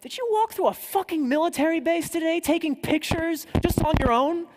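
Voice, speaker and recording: A man voicing a gruff, seasoned male security contractor who scolds him bluntly in a conference talk anecdote. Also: very high voice, moderate pace, darkish tone, slight background noise, voice pushed up. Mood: incredulous. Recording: echoey hall.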